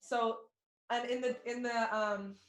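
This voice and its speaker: A woman's voice: on the high side, steady tone, unhurried. A young adult woman teaching a fiddle class online, explaining rhythm and counting beats aloud in a friendly way. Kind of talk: online music lesson. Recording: echoey room.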